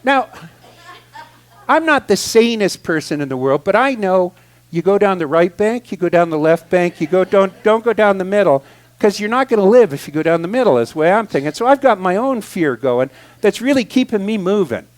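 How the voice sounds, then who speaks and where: A man giving a guest talk at a spiritual center, telling a humorous personal story in an animated, expressive way, moving from loud excitement to quiet asides. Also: high voice, normal speed. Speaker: guest speaker.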